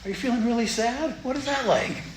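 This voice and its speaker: A man voicing a kindly, welcoming old grandmother who gently coaxes feelings out, in a talk recorded in an echoey room. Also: brisk, a little hiss or hum. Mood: coaxing. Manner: high, coaxing, gently inviting.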